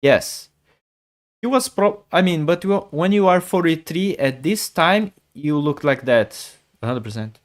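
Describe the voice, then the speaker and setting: A man's voice: on the high side, animated, a little slow. Man in his forties, casual chess streamer, rambles and repeats himself. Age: 40s. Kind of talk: casual live-stream chat.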